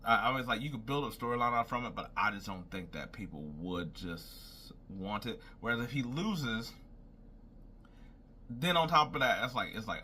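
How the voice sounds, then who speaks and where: This young man has an expressive mid-range voice, pushed and bright, at a moderate pace over slight background noise. He casually rambles solo as a wrestling commentator, thinking aloud about predictions and often saying "I was like."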